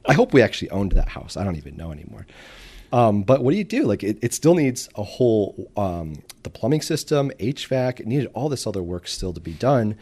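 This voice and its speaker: A man from the Detroit suburbs talks in a low voice as a guest on a casual interview show. He tells his stories with energy, and he briefly acts out the voices of the people he describes. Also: brisk, breathy edge. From Detroit suburbs, Michigan. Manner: animated storyteller who acts out quoted voices. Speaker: guest entrepreneur.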